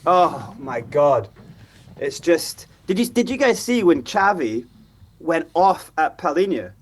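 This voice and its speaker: A high, husky-voiced man talks football on a fan panel. He is animated and mimics players' voices as he makes his points. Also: a little slow. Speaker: fan pundit. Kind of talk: football fan show discussion.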